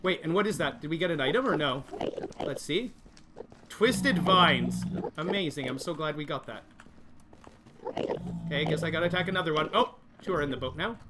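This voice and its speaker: A high-voiced man narrates a live game stream, swinging between nervous worry and excitable cheering as he addresses his chat. Steady background noise sits under his voice throughout the recording. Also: moderate pace, pauses often. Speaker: gaming livestreamer. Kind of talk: live gameplay commentary.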